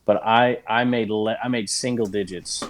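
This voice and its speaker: A man's voice: lowish voice, steady tone, moderate pace, slight background noise. Talkative man telling stories on a podcast. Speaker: podcast co-host. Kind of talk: casual chat.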